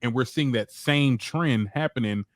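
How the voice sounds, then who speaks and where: A man co-hosting a casual podcast chat, making emphatic points and repeating "let's be clear.". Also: mid-range voice, unhurried, heavy background noise. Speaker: co-host.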